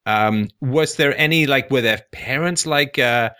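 A man's voice: mid-range voice, a little slow, pushed and bright, clean tone. A man with a British accent hosting a call-in show, asking probing questions with dry sarcasm.

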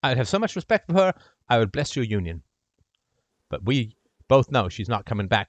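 A man hosting a call-in show, giving impassioned advice and speaking to the caller's brother in role-play, swinging from loud to hushed. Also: mid-range voice, lively intonation, fairly quick, no room sound.

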